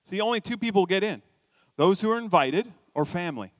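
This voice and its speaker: Storytelling pastor with a dry close sound. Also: male voice, sits high, expressive, fairly quick, no room sound. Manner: conversational storytelling preacher, swings between quiet asides and emphatic bursts. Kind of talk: sermon.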